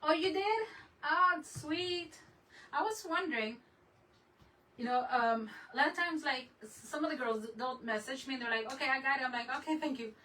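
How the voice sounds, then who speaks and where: A woman with a bright, fairly high voice hosts a casual craft livestream, chatting with viewers and tossing in Spanish greetings. She sits a little back from the mic, with faint room noise behind her. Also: expressive, moderate pace, far from the mic, low-quality recording. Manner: laughs often, trails off mid-sentence.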